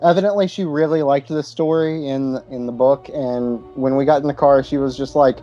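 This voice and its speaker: A man's voice: medium pitch, steady tone, normal speed, warm tone, lo-fi sound, soft background music. A man co-hosting a casual movie podcast, making dry wisecracks and retelling scenes. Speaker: podcast co-host. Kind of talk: casual chat.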